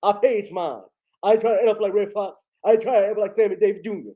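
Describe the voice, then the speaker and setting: A man doing an impression of a boastful male sports pundit, loudly repeating his co-host's name. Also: high voice, quick pace, muffled recording, pitched above the performer's own voice, lightly acted.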